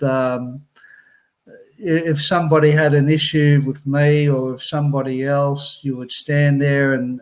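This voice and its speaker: Slow, halting man telling his story. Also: mid-range voice, darkish tone. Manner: halting, with many restarts and repeated words; wry, laughs at his own memories. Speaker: person recounting his time in a residential program. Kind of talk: personal storytelling.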